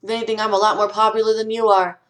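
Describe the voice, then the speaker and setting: Young woman, home vlogger, earnest and blunt, mid-pitched, casual rant. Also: flat delivery, rapid-fire, a bit bright, low-quality recording. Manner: earnest, ranting, frank with swearing. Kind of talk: casual vlog advice talk.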